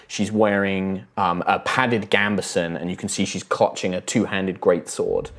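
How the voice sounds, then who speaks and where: A man narrating as game master, halting, with many ums and restarts. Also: sits low, steady tone, a bit bright.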